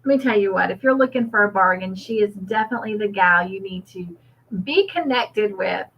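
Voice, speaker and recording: A woman's voice: mid-range voice, fairly quick, slight background noise. A woman hosting a casual livestream, reading out viewer comments and chatting back with frequent laughs. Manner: chatty, warm toward viewers, laughs often. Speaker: host. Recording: slightly dull lo-fi audio.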